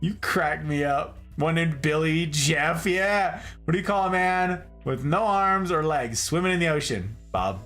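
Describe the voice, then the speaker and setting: A man's voice: a little high, a little slow, few pauses, faint music behind. A man hosting a casual livestream, chatting animatedly about houseplants and reading out viewer comments. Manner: animated, chatty, reads chat aloud. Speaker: livestream host. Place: indoor room full of plants.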